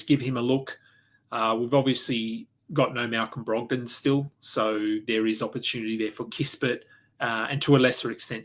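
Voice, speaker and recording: A man hosting a solo fantasy sports podcast, running through advice in a conversational way, thinking aloud with fillers and quick self-corrections. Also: mid-range voice. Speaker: fantasy basketball podcast host.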